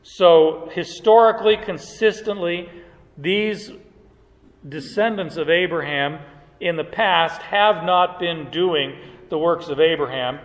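Male preacher, high-pitched, unhurried, emphatic teaching, long reverb. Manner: emphatic, deliberate verse-by-verse teaching. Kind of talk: expository sermon.

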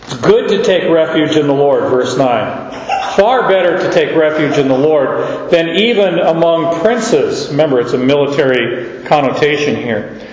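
Male pastor, slightly high voice, unhurried verse-by-verse preaching, halting and repetitive; dull recording in a long-echo hall. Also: expressive, slight background noise. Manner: slow, halting teaching with repeated words. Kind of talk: verse-by-verse sermon. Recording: echoey hall, dull sound.

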